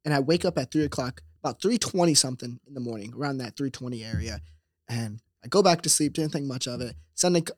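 A young man telling a personal story in a casual, animated way, acting out voices and laughing often. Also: a little high, no echo, clean studio sound. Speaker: guest telling his story.

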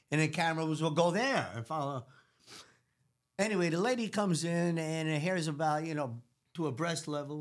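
A middle-aged man with a New York Italian accent, a hair stylist telling a story in a brash, profane way and acting out the people he quotes. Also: fairly high pitch. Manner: brash, profane, acts out quotes with big voices. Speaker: celebrity hair stylist guest. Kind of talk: animated storytelling.

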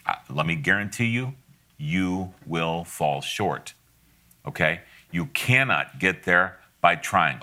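A man's voice: deep voice, lively intonation, slow pace, pushed and bright. A middle-aged man giving a conversational sermon, folksy and direct, with asides and frequent laughs.

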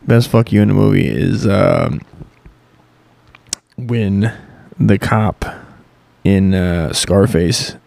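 A man's voice: low voice, slow, gravelly, a little mellow, no echo. A man hosting a podcast, rambling sarcastically and swearing constantly. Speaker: podcast host. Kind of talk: casual profane monologue.

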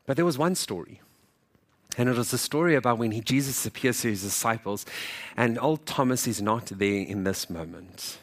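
A man preaching a sermon as pastor, in a lively, conversational way, often acting out what people in the story say and joking with the congregation. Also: mid-range voice, normal speed. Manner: animated, acts out quoted dialogue.

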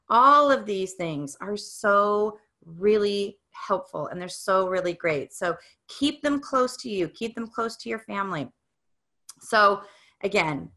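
Bright, upbeat motivational woman. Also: mid-range voice. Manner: upbeat and encouraging, coaching the listener. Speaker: speaker on growth mindset. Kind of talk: motivational talk.

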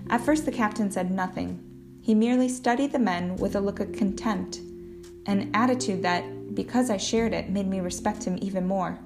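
A woman reading a novel aloud in a plain, measured way, with now and then a slip and a restart. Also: medium pitch, gravelly. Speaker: audiobook reader. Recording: guitar music playing underneath.

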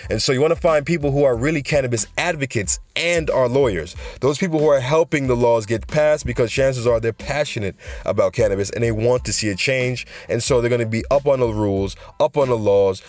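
A man hosting a podcast in a casual monologue, chatty and joking, loose and profane, laughing at his own jokes. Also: mid-range voice. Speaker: podcast host.

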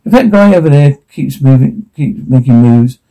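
A man voices a relaxed, sociable partygoer in a film drama. His voice sits in a middle pitch and sounds deep, dark and mellow. He talks smoothly and casually. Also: moderate pace, natural voice, poor audio. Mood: easygoing.

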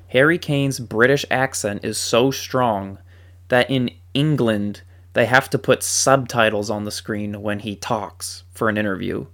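A man giving casual football commentary as a fan, animated and joking with dry sarcasm. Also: on the low side.

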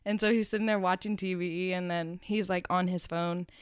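A woman's voice: fairly low pitch, normal speed, clear, resonant tone, no room sound. Young woman guest, chatty, acts out relatives' voices mid-story, dry close sound. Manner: animated storyteller who acts out family members' lines. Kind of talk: casual chat.

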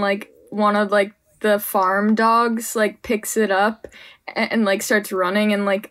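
A young woman brainstorming a silly story with friends, excitable and full of fillers. Her pitch sits in an ordinary middle range. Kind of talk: casual improvised storytelling.

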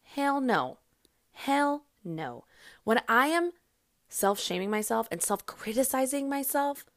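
Woman podcast host, blunt, emphatic, casual swearing, mid-pitched, dry close mic. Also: fairly bright tone, no room sound. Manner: acts out her inner voice in quotes. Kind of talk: casual self-help monologue.

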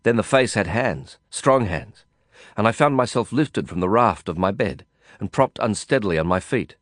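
Low-voiced man narrating a brooding novel. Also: lively intonation, normal speed, no room sound, studio quality. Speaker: audiobook narrator. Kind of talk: first-person novel narration.

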